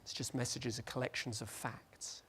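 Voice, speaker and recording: A man giving a lively, joking conference presentation and acting out little scenes. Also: medium pitch, moderate pace, breathy edge. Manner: animated, jokey, acts out scenes. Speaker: conference speaker.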